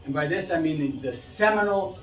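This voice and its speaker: Man from the United States, middle-aged, lecturing, animated rhetorical questions, slightly higher voice, echoey room. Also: a little fast, recorded from a distance. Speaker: policy expert giving a talk. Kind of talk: lecture to an audience.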